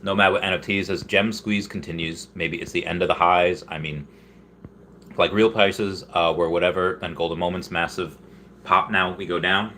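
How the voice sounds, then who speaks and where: A man with a fairly low but bright, forceful voice hosts a loose livestream, chatting through viewer comments. He rambles, restarts his sentences and laughs often, and sometimes jumps into high, loud voices when he quotes someone. A faint hiss of noise sits under his voice. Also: steady tone, moderate pace. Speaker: livestream host. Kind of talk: casual livestream chat, reading viewer comments.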